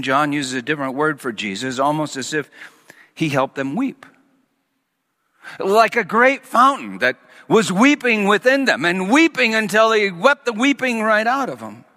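A male preacher with a fairly high, bright, forceful voice delivers a sermon. He swings between loud emphatic peaks and hushed near-whispers. The sound rings with a long hall reverb.

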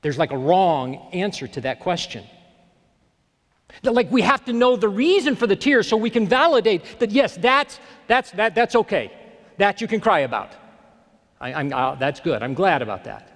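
A male pastor preaching a sermon in a reflective way, often dropping to a near-hush on key phrases. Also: high-pitched, sing-song, moderate pace. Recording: long reverb of a large hall.

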